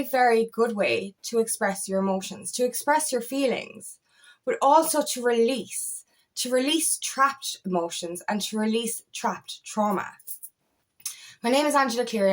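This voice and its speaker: A woman, a feminine empowerment coach, talking straight to camera in a passionate, blunt way, swearing freely. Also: a little high. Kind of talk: direct-to-camera talk.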